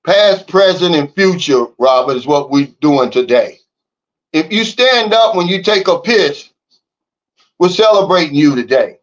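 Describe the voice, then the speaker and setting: Living in the Philippines, a man hosts a casual livestream in a higher, animated voice, speaking unhurriedly with long pauses on a muffled recording. He reads the chat and rants bluntly and fired-up, repeating "Big Dog" and "okay?".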